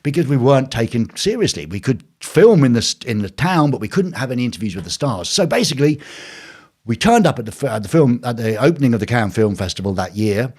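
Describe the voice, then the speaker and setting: An older man tells a story from his home, hosting his own live stream. His pitch moves widely as he acts out the voices of the people in it. He sits at a middle pitch and talks in a lively, animated way. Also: fast, slightly rough. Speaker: host.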